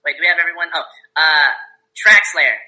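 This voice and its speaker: A man's voice: fairly high pitch, brisk, sharp tone, poor audio. A man moderating an online debate call in a casual, joking way.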